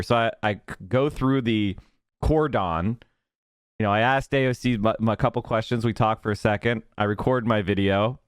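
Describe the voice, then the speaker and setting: A man's voice: lowish voice, moderate pace, smooth, no room sound, clean studio sound. A man telling a story to his chat in a casual, profane way, acting out what others said. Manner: swearing, animated, acts out quotes.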